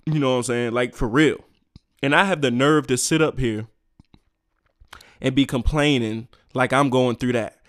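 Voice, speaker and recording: A man ranting on his own podcast, profane and emphatic, swinging between loud outbursts and quiet asides. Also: mid-range voice, fairly even intonation, moderate pace, long pauses, no echo, studio quality. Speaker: podcast host. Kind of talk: solo ranting podcast monologue.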